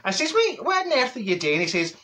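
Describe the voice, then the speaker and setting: A man's voice: very high-pitched, huge pitch swings, brisk, bright, forceful tone, full character voice. A man playing a brash, straight-talking older woman from Glasgow with a Glaswegian accent, rambling through a comic monologue full of asides and cackling laughter. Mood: gossipy. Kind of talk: character comedy monologue.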